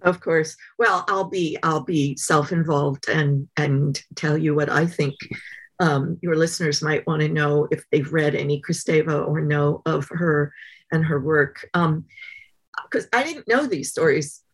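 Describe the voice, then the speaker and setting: A woman, a guest author, telling stories in a relaxed interview, pausing often and thinking aloud with fillers. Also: low-pitched, slightly rough. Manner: thoughtful, many pauses and fillers. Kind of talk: conversational interview storytelling.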